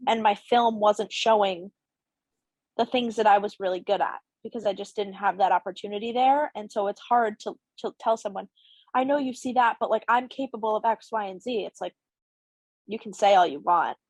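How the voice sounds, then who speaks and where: A young woman tells her story as a podcast guest, her voice sitting in a middle pitch. She is lively and acts out the dialogue within it. The sound is dry and close, with no room in it. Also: moderate pace, breathy edge, no room sound, low-quality recording. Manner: animated, acts out quoted dialogue. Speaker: podcast guest, college hockey player. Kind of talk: casual storytelling interview.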